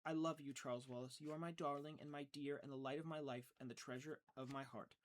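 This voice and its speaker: A man's voice: mid-range voice, fairly even intonation, fast, lightly acted. A man reading an audiobook and voicing a young girl, pleading with emphatic, loving repetition. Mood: tender.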